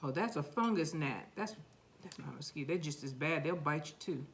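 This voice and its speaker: A woman with a New York accent talks her way through planting seeds in a casual, playful gardening vlog, chatting to herself and even to the seeds. Her voice sits on the low side. A faint background noise runs under the recording. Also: a little fast. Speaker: gardening vlogger. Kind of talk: casual gardening vlog, talking while working.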